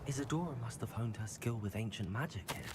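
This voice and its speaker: A man's voice: medium pitch, animated, fast, big-room sound, noisy background, close to an everyday voice. A man voicing a wry young wizard student. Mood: curious. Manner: dry, understated remarks. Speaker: player character. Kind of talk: video game dialogue. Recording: game audio under loud music.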